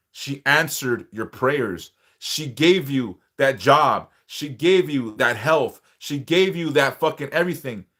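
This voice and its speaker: A man's voice: a little high, a bit bright. A man hosting a live stream, lecturing bluntly and profanely, driving his points home with repetition and rhetorical questions. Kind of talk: unscripted live-stream monologue.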